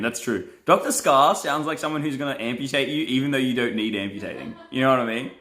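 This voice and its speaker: A man's voice: lowish voice, bright, forceful tone. A young man, a pastor and live streamer, chatting casually and playfully as he reads viewer comments and laughs often.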